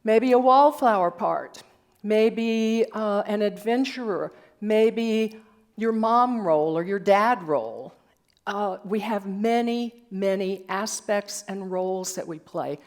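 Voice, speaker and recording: Slow-speaking older woman giving a sermon. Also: medium pitch. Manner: storytelling with gentle humor. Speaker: speaker at a spiritual center. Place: church hall.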